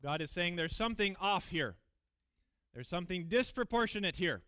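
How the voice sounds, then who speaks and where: Male preacher in a church, fairly high voice, smooth and resonant, close and dry sound, earnest and emphatic. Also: lively intonation, normal speed, bright, forceful tone, no echo. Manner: earnest, emphatic, with fillers and restarts. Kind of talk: sermon with scripture reading.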